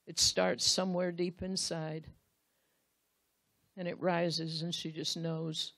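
A woman's voice: lowish voice, flat delivery, takes it slowly, fairly bright tone, no echo. A woman Bible teacher giving a sermon, speaking earnestly and straight to the husbands in the room, acting out the quotes she reads.

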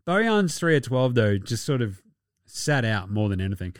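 A man's voice: medium pitch, big pitch swings, moderate pace, dry recording, clean studio sound. An Australian man hosting a casual sports podcast, talking in a rowdy, profane and mocking way. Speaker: podcast host.

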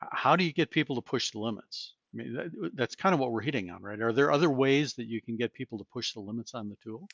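A man co-hosts an interview podcast, with a gravelly, creaky voice. He talks hesitantly as he thinks aloud. The recording is dry and dull, with a lo-fi sound. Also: medium pitch, lively intonation, fast, few pauses, fairly bright tone, dry recording. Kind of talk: conversational interview.

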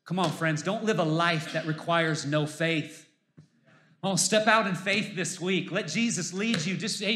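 A man's voice: sits high, moderate pace, fairly bright tone, roomy sound. A male pastor preaching a sermon to his congregation, emphatic and exhorting, his voice rising as he urges listeners on.

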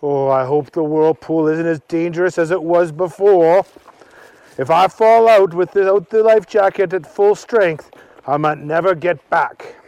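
A man's voice: on the high side, unhurried, a little mellow, clear, resonant tone, no room sound. A man voicing a determined young boy adventurer in a slightly raised, eager voice.

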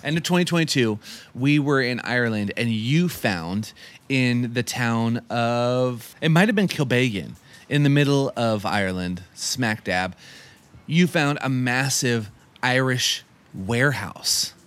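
A man's voice: mid-range voice, expressive, measured pace, fairly bright tone. A man hosting a travel vlog, chatty and enthusiastic as he tours a large warehouse. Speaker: travel vlogger.

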